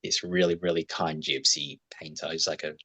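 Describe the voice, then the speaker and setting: A man's voice: extremely low pitch, fairly even intonation, moderate pace, bright, forceful tone, husky, no echo, rough recording. A man co-hosting a podcast, telling rambling, reflective travel stories in casual chat with some swearing. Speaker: podcast co-host.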